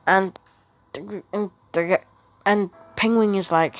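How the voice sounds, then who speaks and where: A woman's voice: medium pitch, fairly even intonation, slow pace. A woman casually retelling a made-up story, rambling and stringing events with quoted lines.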